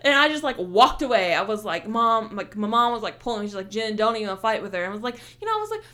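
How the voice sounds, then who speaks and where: A young woman telling a story in casual chat, animated and heated, swearing often and filling with "like". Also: medium pitch, fast talker. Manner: heated, animated retelling with heavy swearing and many "like" fillers.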